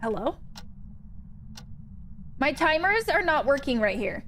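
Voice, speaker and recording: A woman's voice: high voice, very animated, slow pace, fairly bright tone, a little hiss or hum. A woman streaming a ghost-hunting game, chatting playfully with her viewers. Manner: chatty, thanks chat, playful slang. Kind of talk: chatty gameplay livestream.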